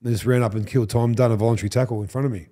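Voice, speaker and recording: A man's voice: medium pitch, racing, slight background noise. A man in his fifties with an Australian accent tells stories on a podcast. He acts out what other people said and swears freely in casual chat. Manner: animated storyteller who acts out quotes, swears and laughs. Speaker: podcast guest, former rugby league player.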